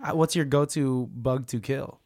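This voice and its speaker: A man with a raspy voice, hosting a casual chat and asking playful, teasing questions. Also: mid-range voice, fairly even intonation, moderate pace, a little mellow, no room sound, studio quality.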